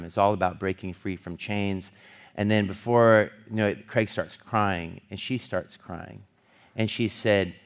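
Male pastor, middle-aged, low voice, earnest sermon storytelling with halting restarts. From California. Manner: earnest, halting restarts, swells louder when building a point.

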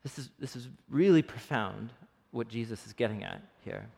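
A pastor with a Texan accent preaching a sermon in a conversational, earnest way that is often broken up by laughs. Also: male voice, medium pitch, normal speed, vocal fry, darkish tone, breathy edge. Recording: long hall reverb.

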